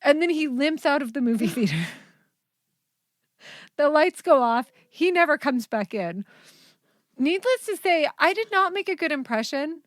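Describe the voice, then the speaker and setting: A woman's voice: high-pitched, no room sound, clean studio sound. A woman hosting a podcast in casual chat, telling stories and laughing often. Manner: giggly storyteller, laughs often. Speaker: podcast host.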